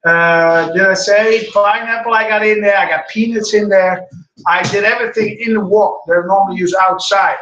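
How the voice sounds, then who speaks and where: A man's voice: high-pitched, steady tone, normal speed, fairly bright tone, lo-fi sound, a little hiss or hum. A middle-aged man, hosting a casual live cooking stream and chatting to viewers in a rambling way. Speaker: cooking show host. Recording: echoey room, mic far off.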